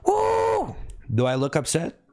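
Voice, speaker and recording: A male livestreamer chats casually at a moderate pace, thanking viewers by name and asking whether he looks upset. Every so often he lets out a sudden high whoop.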